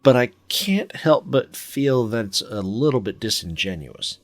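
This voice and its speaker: A man playing in a casual tabletop role-play game, wry and deliberate. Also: medium pitch, expressive. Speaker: player.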